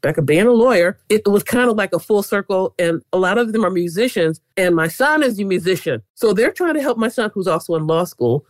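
A middle-aged woman talking as a guest about quilting, animated and keen on saying "literally.". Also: medium pitch, brisk, hardly any pauses, no room sound. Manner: animated, leans on "literally" often. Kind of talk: casual interview chat.

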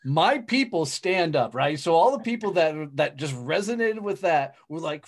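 A man's voice: on the high side, lively intonation, moderate pace. Blunt, swearing middle-aged man. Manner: blunt, swears freely, punchy delivery. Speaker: guest, speaker and business owner. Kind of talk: casual chat.

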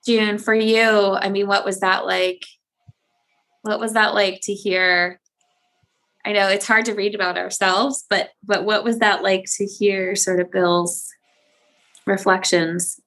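A woman hosting an interview, asking gentle questions in halting phrases with restarts. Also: medium pitch, flat delivery. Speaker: host.

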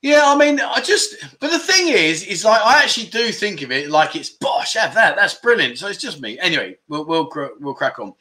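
A lively middle-aged man chats through viewer comments on his livestream, with a bright, forceful voice sitting a little high for a man. He is animated and exclamatory, and now and then he bursts into a loud catchphrase. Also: a little fast, hardly any pauses. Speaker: livestream chat show host. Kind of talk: casual chat reading viewer comments.

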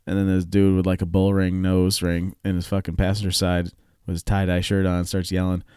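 Low-voiced male co-host, laid-back storyteller, frequent swearing, dry mic. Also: monotone, a little fast, warm tone, clean tone, dry recording. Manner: swearing, storytelling, laughs often. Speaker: podcast co-host. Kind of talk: casual chat. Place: home.

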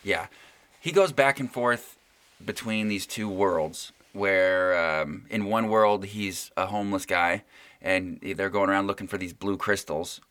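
A man's voice: deep voice, measured pace, a bit bright, no room sound. A man hosting a casual chat, wry and rambling as he tells a story.

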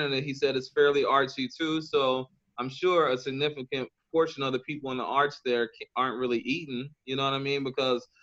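A man's voice: medium pitch, pushed and bright. Rambling man on dull lo-fi audio. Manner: rambling, with many restarts and "you know what I mean". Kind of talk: casual conversation.

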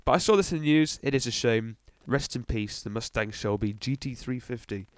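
A man's voice: medium pitch, fairly quick, clean tone, no room sound. A young man hosting a casual car news podcast, rambling with ums and little asides. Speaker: podcast host.

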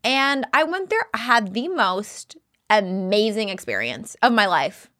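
A young adult woman co-hosting a casual podcast, chatty and animated as she tells stories. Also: mid-range voice, measured pace. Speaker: podcast co-host. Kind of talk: casual chat.

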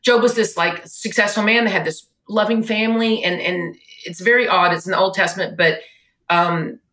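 A woman in her forties telling a painful family story on a podcast, animated and at times tearful. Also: medium pitch, normal speed. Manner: animated, tearful retelling, quotes others in her own voice. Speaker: podcast guest. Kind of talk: emotional personal storytelling. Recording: echoey room.

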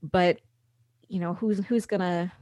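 A middle-aged woman speaking candidly as a guest, halting and restarting, sometimes acting out what others said. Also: on the low side, fairly even intonation, dark tone, dry recording, studio quality. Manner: candid, halting with restarts, acts out quoted voices. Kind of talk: conversational podcast interview.

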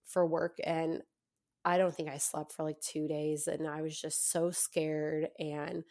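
A young adult woman telling her own story as a podcast guest, chatty, with lots of fillers and quick laughs. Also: low voice, level tone, a little mellow. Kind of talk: casual storytelling in an interview.

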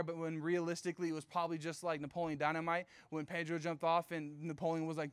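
A man's voice: a little high, steady tone, fast, few pauses, fairly bright tone, smooth, dry recording. A young man preaching as a youth pastor, casual and storytelling, with playful asides. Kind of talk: youth sermon.

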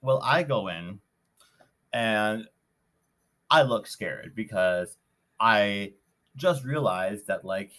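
A young man with a fairly low voice hosts his podcast and tells a personal story. He rambles, stacks up fillers and restarts, and swings his voice up and down as he retells it. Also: expressive, takes it slowly, long pauses, pushed and bright. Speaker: podcast host. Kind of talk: casual storytelling.

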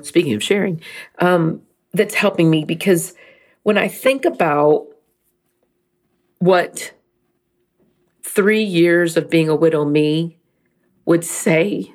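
A middle-aged woman talking candidly about faith and grief, emotional and rambling, teary at times. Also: deep voice. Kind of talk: personal faith talk.

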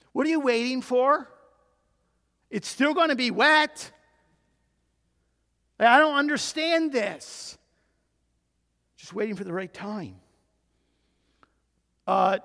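A man preaching a sermon as pastor, dropping to a hush and then rising to forceful, emphatic calls. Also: very high-pitched, creaky. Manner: emphatic preacher, swings between hushed and loud. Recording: long hall reverb.

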